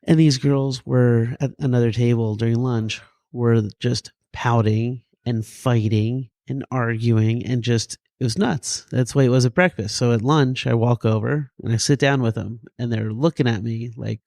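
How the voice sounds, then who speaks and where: A man in his thirties, a paramedic and emergency physician, telling a story in a podcast interview with goofy, animated energy and acted-out quotes. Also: medium pitch, normal speed, creaky, hardly any pauses, dry recording, studio quality. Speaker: paramedic and EMS physician guest.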